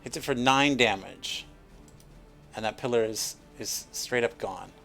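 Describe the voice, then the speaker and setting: A man running a tabletop game over a voice call, halting and repeating himself as he makes rulings. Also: medium pitch, gravelly, sharp tone, soft background music. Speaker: game master. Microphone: voice chat call.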